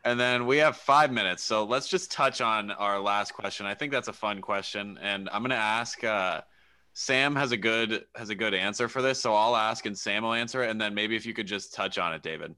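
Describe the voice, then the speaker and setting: A man hosting a podcast interview, casual and quick with fillers. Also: on the low side, pushed and bright, smooth, no echo. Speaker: podcast host.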